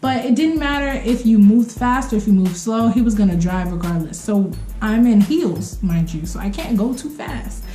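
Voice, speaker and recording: A young woman tells a story to her camera in a lively, expressive way, acting out what people said with sudden leaps in pitch. Her voice sits a little high. The room is echoey, with faint music underneath. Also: moderate pace, hardly any pauses. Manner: expressive, acts out quotes with sudden pitch jumps. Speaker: vlogger telling a story. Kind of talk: animated story time.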